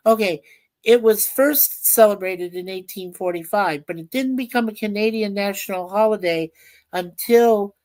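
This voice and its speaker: A woman's voice: mid-range voice, moderate pace, a little mellow, no room sound. A woman co-hosting a casual livestream, laughing often and reading viewer comments aloud. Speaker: livestream co-host reading chat. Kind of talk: casual chat.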